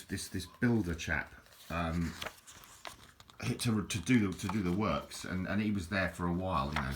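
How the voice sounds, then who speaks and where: Man, deep low voice, casual rambling, self-deprecating, faint hiss. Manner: rambling, chatty, self-deprecating, many restarts and fillers. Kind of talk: casual rambling book show-and-tell.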